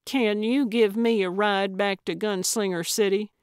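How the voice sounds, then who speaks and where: A woman voicing a feisty, eccentric elderly woman amateur sleuth, quick-witted and cheeky in an audiobook. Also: medium pitch, steady tone, smooth, no echo, clean studio sound, lightly acted.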